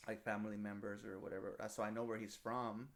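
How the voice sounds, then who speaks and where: A man, telling stories in a relaxed podcast chat and often saying "dude". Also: on the low side, fast talker. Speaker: podcast co-host. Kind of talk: casual chat.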